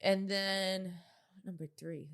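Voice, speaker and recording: A woman's voice: mid-range voice, steady tone, slow pace, clean tone. A young woman co-hosting a podcast in casual chat, slangy, swearing freely and laughing often. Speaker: podcast co-host.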